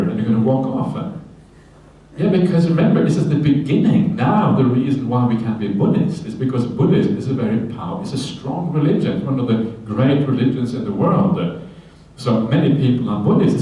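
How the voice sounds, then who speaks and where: A man, a Buddhist monk, giving a conversational Dharma talk at a retreat, with many fillers and "yeah?" tags, breaking into lively quoted voices. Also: medium pitch, fairly quick. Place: retreat hall. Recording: very echoey hall, voice from far off.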